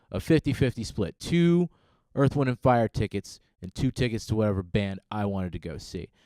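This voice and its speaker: Stand-up comic, male, lower voice, dry close mic, relaxed deadpan delivery on a live stage. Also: no room sound. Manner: laid-back, deadpan with frequent ums. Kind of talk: stand-up comedy set. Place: comedy stage before live audience.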